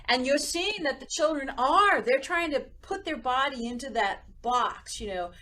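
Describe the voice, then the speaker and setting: A woman with a high voice, speaking at normal speed, co-hosts a music education podcast in a casual chat. She animatedly tells teaching stories, acting out whispers and gasps.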